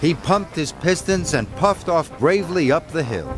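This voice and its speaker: A man's voice: fairly high pitch, expressive, normal speed. Man reading a children's story expressively. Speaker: narrator. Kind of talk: storybook narration. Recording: narration over background music.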